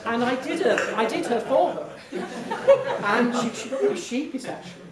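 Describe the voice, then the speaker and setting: Impressionist guy chatting at a q&a, very bouncy lively voice, echoey hall, a bit far from the mic. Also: very high-pitched, measured pace, crowd noise. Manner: animated, lively storytelling with frequent restarts and laughs. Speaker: impressionist speaking as guest. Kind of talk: audience Q&A anecdotes. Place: large hall before an audience. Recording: echoey hall, mic from a distance, faint noise.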